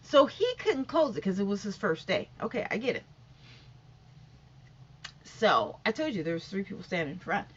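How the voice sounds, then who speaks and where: A middle-aged woman vlogger rambles through a casual story-time monologue, full of fillers and restarts, acting out every exchange. Her husky, sing-song voice sits at a medium pitch, moving at a moderate pace with frequent pauses. The audio is dull and lo-fi.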